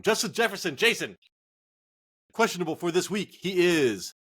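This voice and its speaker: A man's voice: sits high, lively intonation, brisk, a bit bright. Man, podcast co-host, tipsy, profane, rambling, joking, casual sports chat. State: tipsy from drinking. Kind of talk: casual fantasy football chat.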